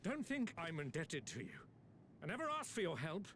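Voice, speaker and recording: A man's voice: a little high, wildly swooping pitch, normal speed, a bit bright, breathy edge, full character voice. An actor playing a proud, stiff older male noble in formal, pompous video game dialogue. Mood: defiant.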